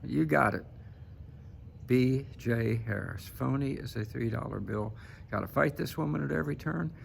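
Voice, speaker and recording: Gravelly man ranting to camera. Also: medium pitch, normal speed, slight background noise. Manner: emphatic, keeps tagging "okay?". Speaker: political commentator. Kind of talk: casual political commentary to camera.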